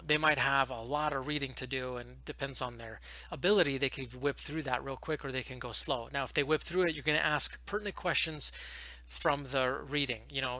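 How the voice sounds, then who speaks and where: A man and online English teacher giving fast, animated, casual advice to new teachers, talking into a headset from home. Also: medium pitch.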